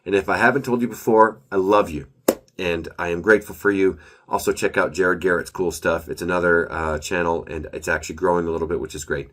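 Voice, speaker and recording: Male author, very low voice, a bit nasal from allergies; loose, rambling, upbeat update. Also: fairly even intonation, brisk, a bit bright. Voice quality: slightly nasal. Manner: rambling, upbeat, self-correcting. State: recovering from a cold and allergies. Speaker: author giving a weekly update. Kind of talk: casual solo update.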